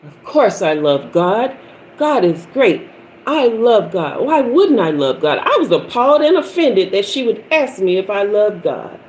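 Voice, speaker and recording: A woman's voice: medium pitch, sing-song, normal speed, a little mellow, a little hiss or hum, low-quality recording. Preachy woman in her fifties. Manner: preachy, storytelling, repetitive emphasis. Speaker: tarot reader and spiritual teacher. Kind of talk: livestream talk.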